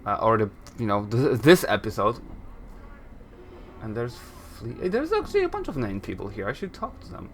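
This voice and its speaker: A man's voice: medium pitch, sing-song, normal speed, slight background noise. A man giving casual let's-play commentary, rambling, correcting himself and chuckling at himself as he plays and reads aloud. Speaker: gameplay commentator.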